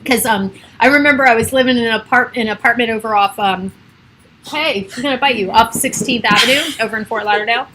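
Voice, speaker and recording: Middle-aged woman, rather high voice, rambling chatty livestream host at home with light background hiss. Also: fast talker. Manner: chatty, rambling, laughs often. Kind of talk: casual chat on a livestream. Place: home with children and pets around.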